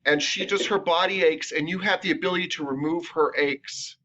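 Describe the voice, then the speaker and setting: A man teaching a massage therapy class in a chatty, animated, jokey way. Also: a little high, fairly quick. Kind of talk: classroom lecture. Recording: lo-fi recorded lecture.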